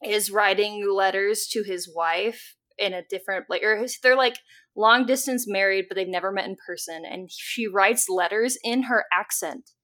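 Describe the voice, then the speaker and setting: A young woman co-hosts a casual podcast in a mid-range voice. She rambles with enthusiasm, piles on fillers, and swears freely when something excites her. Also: medium pitch, moderate pace. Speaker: podcast co-host.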